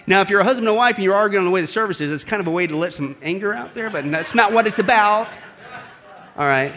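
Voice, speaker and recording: A man preaching to a church congregation in a high, bright voice that swoops up and down. He keeps it conversational and animated, firing rhetorical questions at his listeners. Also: fast talker. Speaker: pastor. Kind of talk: sermon. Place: church service before a congregation.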